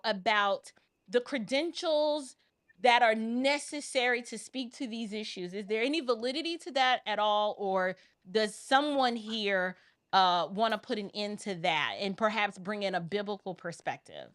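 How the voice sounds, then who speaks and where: A woman from the Bronx hosting a live online panel discussion over a video call, talking in a casual, animated and emphatic way. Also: fairly high pitch, moderate pace, no room sound, studio quality. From the Bronx, New York. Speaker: host.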